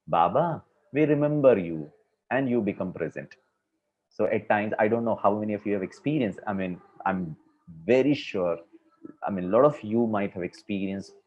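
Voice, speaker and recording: A spiritual speaker addresses a class in a loose, conversational style, using plenty of fillers. His voice is lowish with a darkish tone, and the recording is dull and lo-fi.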